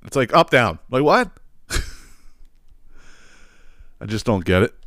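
A man's voice: medium pitch, sing-song, takes it slowly, fairly bright tone, no room sound, studio quality. A man, hosting a comedic solo rant, swearing and exasperated. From Philadelphia area. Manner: profane, exasperated ranting with chuckles. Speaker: podcast host.

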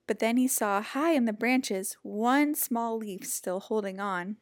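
A woman reading a children's picture book aloud in a gentle, expressive storytelling voice. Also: a little high, a little slow, no room sound, clean studio sound.

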